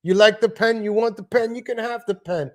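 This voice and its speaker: A man's voice: sits high, fairly quick, pitched above the performer's own voice, close to an everyday voice. Brief: pushy older New York man, keeps insisting, put on by a male streamer. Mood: bickering. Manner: insistent, bickering back and forth.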